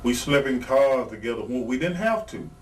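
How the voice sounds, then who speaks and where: Expressive and at a normal speed, a mid-range voice belongs to a retired pro wrestler recalling his wrestling days for a casual interview. As the guest, he tells blunt, profane, rambling stories, heard through a distant mic with faint noise in the background.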